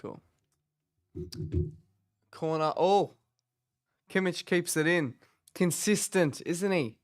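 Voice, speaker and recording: A man talks through a match in a loose, rambling way, with sudden excited bursts. His voice is smooth and resonant. The sound is close and dry, with no room echo. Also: high-pitched, slow. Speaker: watch-along host. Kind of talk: casual live match commentary. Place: office.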